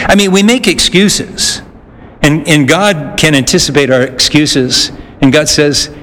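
A man with a slightly high voice preaches slowly and earnestly, often pausing on "uh" and restarting phrases. His voice rings through a large hall with a long reverb, and faint noise sits behind it. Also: fairly even intonation, a bit bright. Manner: earnest, with frequent "uh" pauses and restarts. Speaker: pastor. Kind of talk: sermon.

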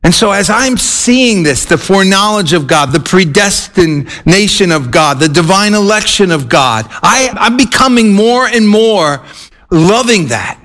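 A male preacher delivering a sermon, reading scripture aloud and speaking earnestly, with emphatic rises and slow, drawn-out stresses. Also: sits high, fairly bright tone.

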